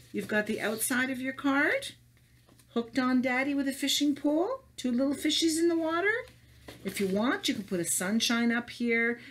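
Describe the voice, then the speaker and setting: A middle-aged woman leading a children's craft lesson, talking to small children in a sing-song, animated way. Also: on the high side, slight background noise. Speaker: preschool teacher.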